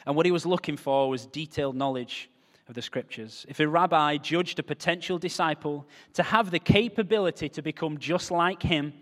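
A man preaching a lively sermon to a crowd, moving between quiet asides and loud, emphatic calls. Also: fairly high pitch. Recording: hall reverb.

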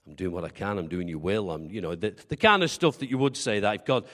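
A man's voice: fairly low pitch, expressive, quick pace, fairly bright tone. Man preaching with long hall reverb. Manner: conversational, asks the congregation questions; humorous, self-deprecating storytelling. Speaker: pastor. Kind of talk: sermon.

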